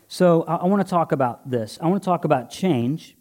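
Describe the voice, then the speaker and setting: A pastor speaks to his congregation in church, his male voice mid-range and darkish, animated and a little fast with hardly any pauses. His sermon is earnest and conversational, with the odd joke as he works through a live object lesson.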